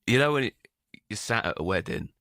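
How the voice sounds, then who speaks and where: A man's voice: medium pitch, animated, a little fast, fairly bright tone, no echo. A man co-hosting a podcast, chatting casually with dry, self-deprecating humour. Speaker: podcast co-host. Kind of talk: relaxed casual chat.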